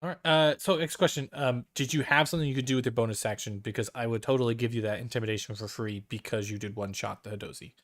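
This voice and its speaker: Easygoing man running a tabletop game. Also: medium pitch. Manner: relaxed, halting, many fillers and laughs. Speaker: game master.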